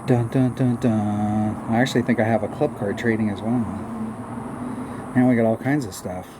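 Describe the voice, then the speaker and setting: A man's voice: fairly low pitch, a little fast. A man giving rambling, self-mocking casual commentary on a mobile golf game while humming little tunes, recorded with audible background noise.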